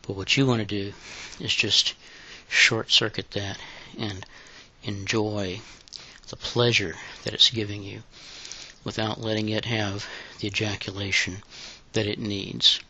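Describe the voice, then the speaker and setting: Man, flat and bright, breathy halting guide voice, lo-fi. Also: on the low side. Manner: breathy, halting, unhurried delivery. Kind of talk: intimate guided audio instruction. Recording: dull lo-fi recording.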